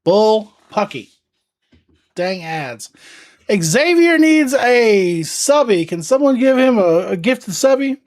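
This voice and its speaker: Slow-talking, lively-voiced woman streamer. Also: a little high. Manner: playful, talks to her dog and thanks viewers. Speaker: livestream host. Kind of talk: casual livestream chat.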